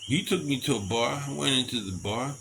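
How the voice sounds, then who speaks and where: A man telling a rambling personal story in a casual, animated way and acting out other people's lines, outdoors at night with crickets behind him. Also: medium pitch, fairly quick, creaky, slight background noise.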